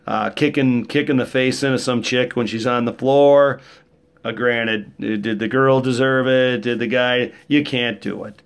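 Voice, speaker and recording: A man's voice: medium pitch, steady tone, a little slow. A middle-aged man, telling stories in a rambling, joking monologue. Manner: rambling, joking, rough-edged storytelling. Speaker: vlogger. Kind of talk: casual monologue.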